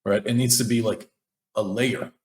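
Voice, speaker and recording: Man, podcast co-host, eager casual chat, fairly low voice, echoey room. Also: fairly even intonation, moderate pace. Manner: enthusiastic, talks through ideas with fillers. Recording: roomy echo.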